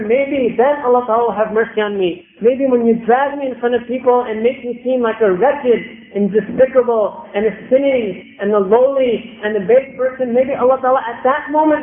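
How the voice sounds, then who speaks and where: A man's voice: very high voice, pitched above the performer's own voice. A man voicing a dying, repentant young man who pleads in despair, recorded with echo on a tinny, phone-like line. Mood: desperate.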